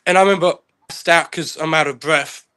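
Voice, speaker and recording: A man's voice: on the high side, quick pace, bright, forceful tone, clean tone. A young man, an arm wrestler guest, talking in a rambling, casual, self-deprecating way. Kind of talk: casual chat.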